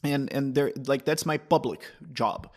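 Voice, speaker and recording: A man's voice: medium pitch, measured pace. Brazilian man rambling in casual talk. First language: Portuguese. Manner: rambling, self-interrupting, restarts phrases, laughs often. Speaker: guest, libertarian commentator. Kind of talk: casual conversational interview.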